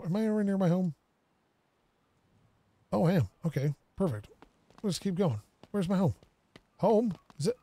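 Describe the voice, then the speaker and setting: A young man giving casual let's-play commentary, excitable and self-mocking, talking to himself as he plays. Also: high voice, no echo. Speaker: gaming video creator.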